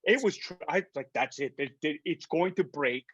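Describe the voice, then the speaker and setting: With a husky voice on the high side and a normal speed, a middle-aged Canadian actor tells animated stories as a guest on a video call interview, stammering and restarting and acting out the quoted lines. The audio has no echo and sounds dull.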